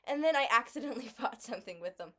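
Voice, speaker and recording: Young woman co-host, higher voice, chatty, laughs easily, casual delivery. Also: expressive, fast talker, pushed and bright. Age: young adult. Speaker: podcast co-host. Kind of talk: casual chat reading old headlines.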